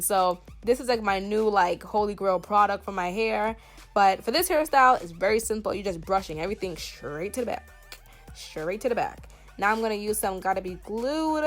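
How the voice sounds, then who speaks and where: Twenties southern girl doing a hair tutorial, chatty and playful, soft music under her. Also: medium pitch. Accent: Southern US country. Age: 20s. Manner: chatty, playful, emphatic, says "like" a lot. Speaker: beauty vlogger. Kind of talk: hair tutorial, casual chat to camera.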